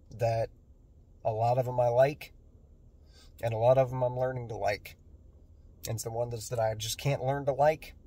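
A man's voice: fairly low pitch, a little mellow, husky. A man who works as an electrician, talking to camera about his job in a plain, earnest way, with a nasal voice and a self-deprecating streak. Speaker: electrician and video creator. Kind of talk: casual vlog talk to camera. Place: on a construction job site during lunch break.

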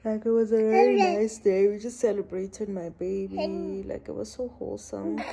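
A young woman, chatting casually to her phone camera for a vlog in a soft, rambling way full of fillers. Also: medium pitch, level tone, normal speed, vocal fry, husky. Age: 20s. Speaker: mom vlogger. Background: background music.

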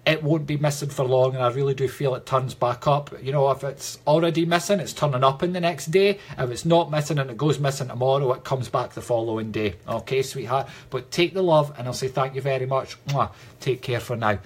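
A man's voice: mid-range voice, brisk, slightly rough. A Scottish man working as a psychic medium, giving chatty, affectionate readings to viewers on a livestream and calling them sweetheart.

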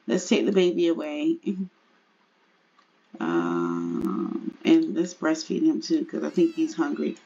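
A woman's voice: sits low, huge pitch swings, takes it slowly, creaky, long pauses, dark tone, highs cut off. A woman narrating a life-sim game in casual, chatty commentary to her viewers, laughing often. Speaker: game streamer.

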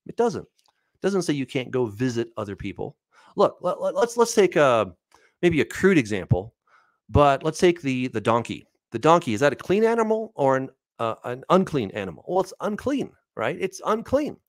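A male Bible teacher talks through viewer questions in an animated, chatty way, and his pitch swings up and down a lot. He keeps checking in with "right?" and "all right". His voice sits in a dry, close space with no room echo. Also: normal speed. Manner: explains by reading verses and asking questions. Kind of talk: casual Bible Q&A.

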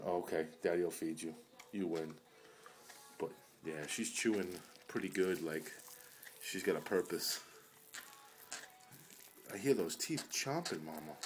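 A man with a fairly low voice speaks to his ailing dog at home. His talk is tender and coaxing, full of pet baby talk, and often sinks to a soft murmur. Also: a little slow, long pauses. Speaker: dog owner filming his sick pet. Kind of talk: casual home video talking to a dog. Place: at home indoors.

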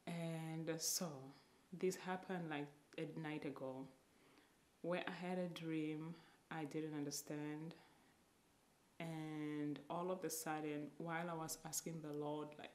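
A woman vlogger telling an emotional personal faith testimony, halting and sometimes dropping to a whisper. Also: deep voice, reverberant.

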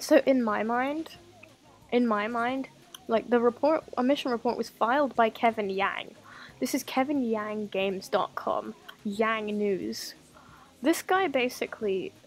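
A woman's voice: a little high, creaky. A woman giving sarcastic, casual commentary as she streams a video game, mocking what she reads on screen.

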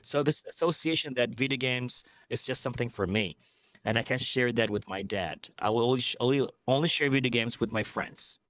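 Casual, earnest bahraini guy in his 30s, mid-pitched voice, tells stories with lots of life. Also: brisk, dry recording. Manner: earnest, animated storyteller who acts out quotes. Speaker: esports MC and event host. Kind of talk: casual podcast interview.

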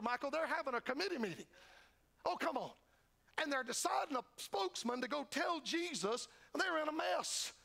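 A man's voice: extremely high pitch, gravelly, sharp tone. An older man preaching a revival sermon as a traveling evangelist, folksy and fervent, acting out the disciples' voices. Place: church sanctuary.

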